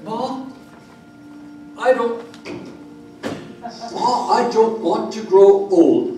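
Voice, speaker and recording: A man voicing a nervous young groom who speaks in an earnest, halting way in an amateur play reading. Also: sits high, animated, mellow, exaggerated voice. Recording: echoey room, mic far off, music behind.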